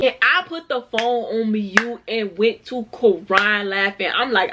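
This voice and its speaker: A woman in her twenties, a vlogger telling a storytime tale in an animated, slangy way, talking straight to her viewers. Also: on the high side, measured pace, few pauses. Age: 20s. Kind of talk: storytime vlog.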